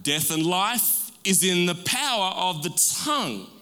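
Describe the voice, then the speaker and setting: Over soft background music, a man preaches in a church sanctuary with a high-pitched, lively, smooth voice that is pushed and bright. He leads call-and-response, asking for amens and elongating key words, while the large hall adds long reverb.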